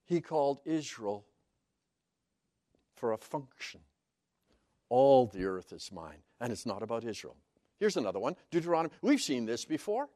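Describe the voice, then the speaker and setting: A man's voice: on the high side, sing-song, measured pace, dry recording, clean studio sound. A man preaching a sermon as Bible teaching, stressing key words emphatically and explaining Hebrew terms one by one.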